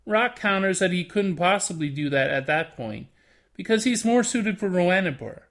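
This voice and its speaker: A host narrating a scripted anime review in an expressive, animated way. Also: mid-range voice, moderate pace.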